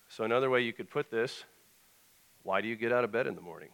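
Young pastor preaching conversationally. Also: male voice, medium pitch, fast talker, creaky, fairly bright tone, smooth. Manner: conversational, reads a passage then tells anecdotes. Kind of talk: sermon.

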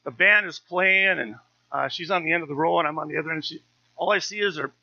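A man's voice: a little high, quick pace, creaky, sharp tone, highs cut off. A man in his fifties, a pastor preaching a sermon in a conversational, story-telling way with touches of humour.

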